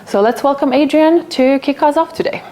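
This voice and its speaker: A woman's voice: sits high, fairly quick, mellow, slight background noise. A woman moderating a live event, announcing the schedule and introducing the first speaker in an upbeat way with many fillers.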